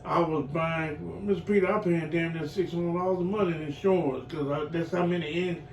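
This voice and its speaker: A middle-aged man giving heartfelt personal testimony as a client in a recovery program, earthy and animated, acting out voices as he tells his story. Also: fairly high pitch, moderate pace. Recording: echoey room, voice from far off, faint noise.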